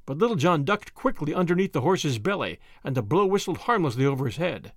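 A man reading a classic adventure story aloud in an expressive storytelling manner. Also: fairly high pitch, a little fast, no room sound, clean studio sound. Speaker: narrator. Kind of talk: audiobook narration.

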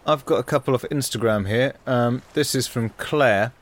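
A man, co-hosting a podcast, chatting casually with animated, exasperated riffs. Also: mid-range voice, moderate pace. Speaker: podcast co-host. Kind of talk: casual chat.

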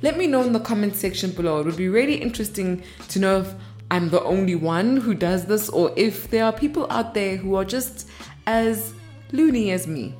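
A woman's voice: mid-range voice, expressive, moderate pace, darkish tone, soft background music. A woman in her thirties, from South Africa, hosting a podcast in an upbeat, chatty monologue. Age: 30s. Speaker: podcast host.

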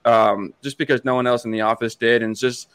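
Chatty late-20s guy from Massachusetts, rapid delivery, dry close mic. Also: medium pitch, fairly even intonation, fairly bright tone, clear, resonant tone, no echo. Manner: rapid, chatty, many restarts. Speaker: podcast producer, guest. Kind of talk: casual storytelling chat.

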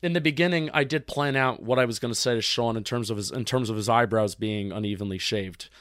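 A man's voice: medium pitch, a bit bright, dry recording. Young man chatting football, dry mic. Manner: chatty, restarts often, quick to agree. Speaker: podcast co-host. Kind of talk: casual sports chat.

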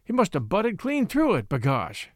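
A man voicing Matt, a gruff middle-aged frontier dog musher who talks in a rough backwoods dialect and blurts out his words, in a storybook reading. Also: high voice, wildly swooping pitch, a little slow, no echo, clean studio sound, exaggerated voice. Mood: grumbling.

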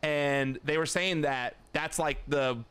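A man's voice: a little high, steady tone, takes it slowly, a bit bright, smooth. A man hosting an interview podcast, chatty and casual, laughing often and restarting his sentences. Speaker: podcast host.

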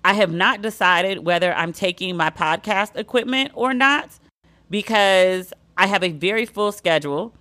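Woman podcast host, sassy, sarcastic, animated, mid-pitched, solo commentary. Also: moderate pace. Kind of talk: solo pop-culture commentary.

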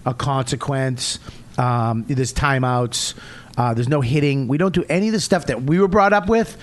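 A man's voice: mid-range voice, normal speed. Profane man telling blunt stories. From Boston area, USA. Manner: profane, blunt storytelling with loud outbursts. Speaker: comedian guest. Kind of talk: casual podcast chat.

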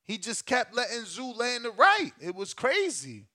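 A man hosting a live stream, reacting to a fight with loud, profane exclamations. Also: very high voice, measured pace. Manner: excitable, profane, shouts and exclaims.

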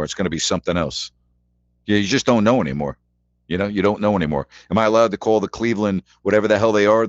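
A man's voice: on the low side, no room sound, muffled recording. A man hosting a sports radio call-in show, rambling chattily through scores and rhetorical questions. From New York.

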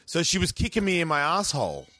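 A man with a bright, forceful voice pitched a little high, telling rowdy stories as a podcast guest. He talks in a casual, animated, profane way. The sound is close and dry, with no room around it. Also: fast, no echo. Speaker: podcast guest, radio host.

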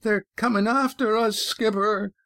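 A man voicing a young male sailor who panics, his voice rising high. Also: steady tone, unhurried, pushed and bright, no room sound, studio quality, exaggerated voice. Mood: alarmed. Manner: voice rising, near screaming.

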